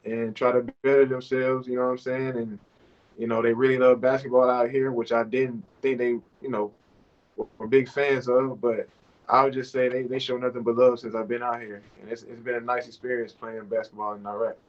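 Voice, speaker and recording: A man in his thirties, a basketball player playing overseas, talking casually in an interview over a video call, relaxed and rambling with lots of fillers. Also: medium pitch, a little fast, dull audio. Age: 30s.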